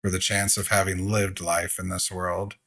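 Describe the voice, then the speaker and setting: A man with a lowish voice reads a game's story text aloud. His delivery is slow and measured, like a gaming host narrating for viewers. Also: flat delivery, bright, forceful tone.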